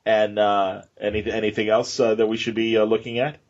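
A man's voice: on the low side, level tone, a little fast, dull audio. A man hosting a casual podcast interview, easygoing and chatty, laughing along with his guest. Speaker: podcast host.

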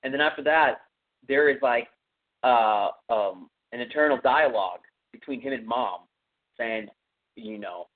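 Over tinny, phone-like audio, a podcast host with a Texan accent walks through the plot of a horror movie. His mid-range voice keeps a measured pace, and his casual retelling wanders, packed with filler words.

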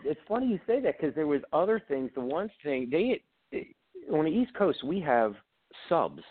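A man with a Baltimore accent, a guest on an interview show, telling animated stories and acting out the voices of people he quotes. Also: fairly high pitch, moderate pace. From Baltimore area, Maryland. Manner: animated anecdotes, acts out quoted voices, frequent restarts. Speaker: guest, author and production company CEO. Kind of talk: casual interview storytelling. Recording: tinny phone-like audio.

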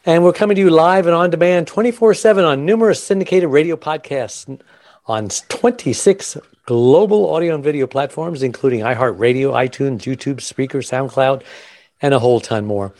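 A man's voice: a little high, normal speed, a little mellow, no echo. A man hosting a caregiving podcast in an upbeat radio style, chatty and enthusiastic, laughing often. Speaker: podcast host. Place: Los Angeles.

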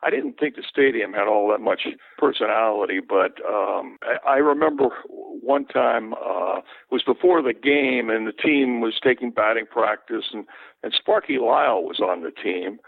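An older man, a veteran sports broadcaster, telling relaxed anecdotes as an interview guest. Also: fairly low pitch, moderate pace, gravelly, no room sound. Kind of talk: casual interview, storytelling. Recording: tinny phone line, dry.

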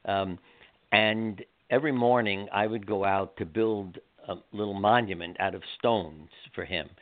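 An older man, a guest author, telling heartfelt stories in an animated, rambling way with many restarts, heard over a phone line. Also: fairly low pitch, a little slow, no echo. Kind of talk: storytelling interview.

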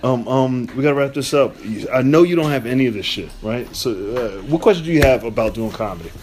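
A man's voice: mid-range voice, expressive, fast, a crowd in the background. A man from the Bronx hosting a podcast, cracking profane jokes and laughing a lot while teasing his guests. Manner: teasing, crude, laughs often. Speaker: podcast host. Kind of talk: loose, profane comedy banter.

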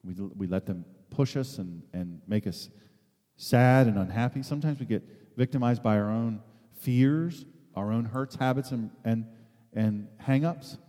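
A man's voice: medium pitch, a little slow, dark tone, big-room sound. A man giving an informal, conversational sermon as a preacher, rambling with many restarts and asides.

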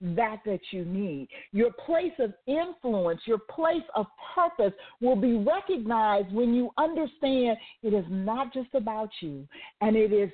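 A woman's voice: fairly high pitch, animated, a little slow. A woman hosting a talk radio show, retelling a story with asides and turning it into a faith-based lesson. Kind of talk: motivational talk radio monologue. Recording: tinny phone-like line.

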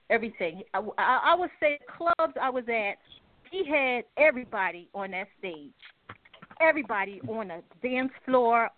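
A chatty woman telling stories as a guest on a talk radio show. She laughs often and draws words out for emphasis. Her voice comes through a thin, phone-like line. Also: on the high side. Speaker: guest, music company head. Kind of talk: casual radio chat.

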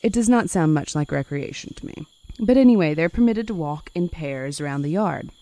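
A woman's voice: sits low, animated, fairly quick, dark tone, no room sound. A woman hosting a conversational history podcast, reading passages aloud dramatically and adding wry asides. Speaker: podcast host.

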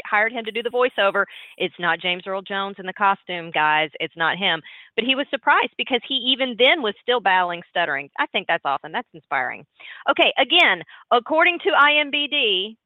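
A woman hosting an interview, chatty and lively. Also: fairly high pitch, no room sound. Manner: chatty, lively, quick to laugh. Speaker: podcast host. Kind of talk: casual interview chat. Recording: dry phone-like line.

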